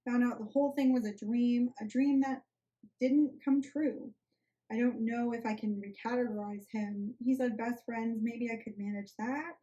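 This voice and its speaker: A woman reading the lines of a distraught young woman on the phone, in a soft, tearful reading. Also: a little high, fairly even intonation, normal speed, muffled recording, natural voice. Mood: upset.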